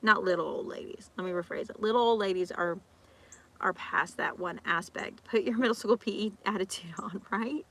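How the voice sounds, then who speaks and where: A woman's voice: medium pitch, a bit bright, a little hiss or hum. A woman vlogger in casual chat, ranting animatedly with lots of repeats and acted-out quotes. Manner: talks fast with restarts and repeats.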